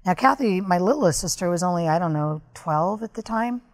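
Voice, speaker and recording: Woman guest, slightly low voice, earnest storyteller for a podcast interview. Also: lively intonation, brisk. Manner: candid, earnest, recounting events at length. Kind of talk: personal storytelling in conversation.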